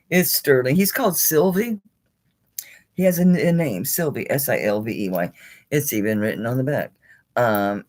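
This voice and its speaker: A woman runs a live jewelry auction stream, displaying items and naming prices as she handles them. She's chatty and salty, her animated pitch rising and falling while mild swearing crops up often. Late in the stream she sounds tired and keeps yawning.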